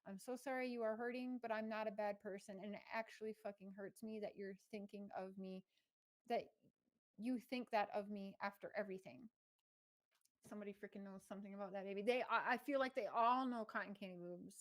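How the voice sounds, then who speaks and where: A woman's voice: medium pitch, steady tone, brisk, low-quality recording. A woman giving casual commentary, reading text messages aloud and talking indignantly with some swearing. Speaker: true crime commentator.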